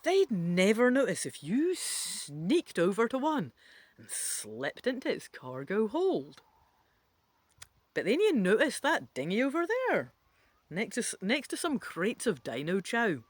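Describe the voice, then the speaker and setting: A woman's voice: mid-range voice, wildly swooping pitch, a little slow, no room sound. A woman reading an interactive adventure book aloud, adding playful, chatty asides to the listener.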